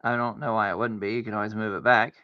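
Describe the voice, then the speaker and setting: A man with a lowish, fairly flat voice talks fast while streaming a solitaire game, commenting casually, arguing with himself, and letting out mock-scared outbursts. The recording is dry, dull, and lo-fi.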